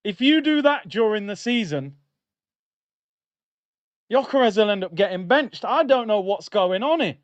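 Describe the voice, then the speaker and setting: A young man hosting a live football watchalong, chatting in slang and getting loud at big moments. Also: high-pitched, lively intonation, unhurried, long pauses, no room sound, muffled recording. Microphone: streaming mic.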